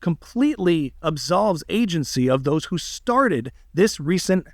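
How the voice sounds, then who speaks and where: A man's voice: a little high, unhurried, dry recording, clean studio sound. A man, a comedian guest on a podcast interview, talking animatedly and emphatically. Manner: animated, slips into impressions, emphatic.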